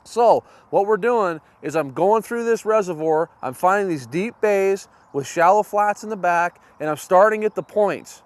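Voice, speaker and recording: A man hosting a fishing show, teaching on a boat outdoors in a folksy way and bursting into excited exclamations. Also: sits high, normal speed, few pauses, no room sound. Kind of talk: outdoor fishing instruction and excited on-water chat.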